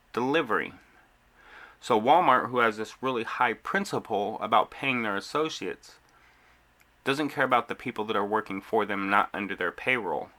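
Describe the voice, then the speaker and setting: Male vlogger, low pitch, bright forceful tone, frustrated venting monologue. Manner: frustrated, retelling conversations with quoted exchanges. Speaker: delivery driver venting to camera.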